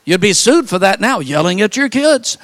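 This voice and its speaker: An older man preaching a sermon, telling folksy stories and building to fervent, shouted appeals. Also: high-pitched, sing-song, moderate pace. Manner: fervent, rising to shouted calls; folksy storytelling with repeated phrases.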